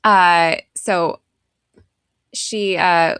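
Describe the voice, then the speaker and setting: A woman's voice: on the low side, fairly even intonation, extremely slow, fairly bright tone, smooth, no room sound, studio quality. A woman in her thirties co-hosting a podcast, chatting casually and rambling with lots of fillers. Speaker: podcast co-host. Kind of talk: casual chat.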